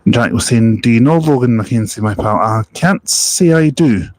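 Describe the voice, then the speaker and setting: A man's voice: medium pitch, animated, normal speed, a little mellow, no echo, poor audio. A Scottish man chatting casually on a bus-spotting live stream, reading out viewer comments in a jokey, rambling way. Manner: jokey, rambling, laughs at his own stories.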